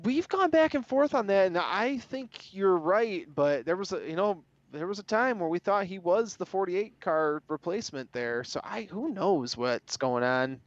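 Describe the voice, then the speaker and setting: A man's voice: high voice, animated, moderate pace, few pauses, no room sound. A man co-hosting a podcast, chatting casually and with strong opinions about racing, laughing easily. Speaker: podcast co-host. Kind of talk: casual sports chat. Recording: dull, dry lo-fi sound.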